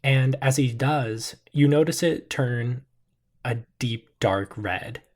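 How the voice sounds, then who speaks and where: A man at a medium pitch narrating as game master in a tabletop role-play. He describes scenes in a relaxed, easygoing way and often pauses on fillers.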